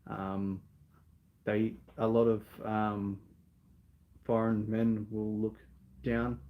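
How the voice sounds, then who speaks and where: In a casual live Q&A, a man with an Australian accent answers viewer questions earnestly, rambling with lots of ums and restarts. His voice is on the low side, and the highs are cut off.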